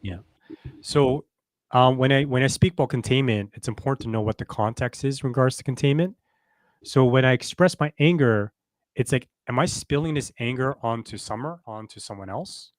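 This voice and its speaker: A man's voice: mid-range voice, moderate pace, no room sound. Man explaining in a dry, close sound. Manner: reflective, explains with everyday examples and frequent "right?". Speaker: podcast co-host. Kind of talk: casual relationship coaching talk.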